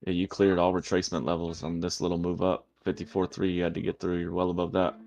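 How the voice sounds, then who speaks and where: Low-voiced dude hosting a trading stream, hyped and cussing at charts. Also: male voice, quick pace, vocal fry. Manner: excited, profane chart commentary. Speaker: livestream host trading. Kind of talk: casual livestream chat.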